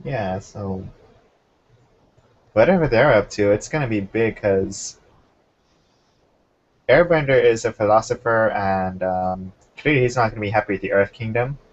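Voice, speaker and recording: A young man with a somewhat low voice hosts a relaxed, chatty conversation. The sound is muffled and lo-fi, and he steers the talk and tracks the clock. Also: a little slow, long pauses. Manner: relaxed, chatty, keeps time. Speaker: podcast host. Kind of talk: casual chat. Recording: muffled lo-fi recording.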